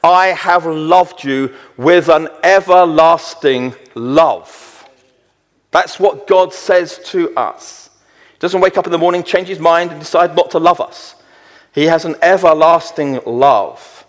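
Man preaching in a reverberant hall. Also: a little high. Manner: slows down to read verses with emphasis. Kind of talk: sermon.

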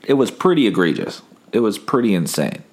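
A man's voice: lowish voice, very animated, fairly quick, darkish tone. A sick young man hosting a casual solo podcast, telling wry, rambling stories while holding back coughs. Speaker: podcast host.

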